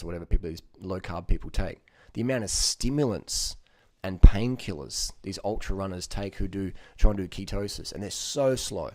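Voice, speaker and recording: Blunt, low-voiced man ranting. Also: normal speed, no echo, studio quality. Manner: blunt, profane, joking, full of fillers like "you know". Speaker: vlogger giving diet advice. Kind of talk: casual rambling monologue.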